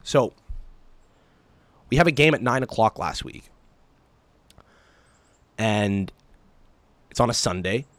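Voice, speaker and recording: A young man hosting his own podcast, telling stories casually in an animated, profane, exaggerated way. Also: fairly low pitch, slow pace, long pauses, dry recording. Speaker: podcast host. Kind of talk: casual solo podcast storytelling.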